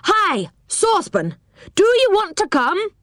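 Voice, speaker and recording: A woman voicing a friendly male character who calls loudly down a tree. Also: very high voice, huge pitch swings, takes it slowly, no echo, clean studio sound, pitched above the performer's own voice, exaggerated voice. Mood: calling. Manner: calling out loudly.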